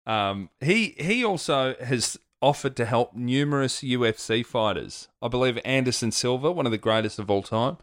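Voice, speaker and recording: A man's voice: mid-range voice, lively intonation, normal speed, few pauses, a bit bright, no room sound, clean studio sound. A man co-hosting a comedy podcast, chiming in with quips and facts in casual banter. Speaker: podcast co-host.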